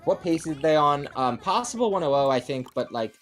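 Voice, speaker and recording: A man giving casual live commentary on a speedrun race, quick and chatty with plenty of fillers. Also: a little high, lively intonation.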